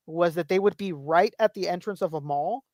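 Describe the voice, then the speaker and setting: A man's voice: high-pitched, fairly quick, a little mellow, dry recording, studio quality. A man in his thirties co-hosting a podcast, telling rambling stories, swearing freely and acting out quotes. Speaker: podcast co-host. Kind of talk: casual chat.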